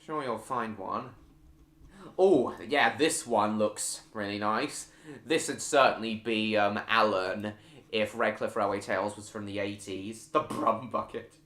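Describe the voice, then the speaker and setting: A man's voice: lowish voice, measured pace, a bit bright, echoey room. A man hosting a live stream, chatting casually with viewers and reading out their comments, with frequent fillers and restarts.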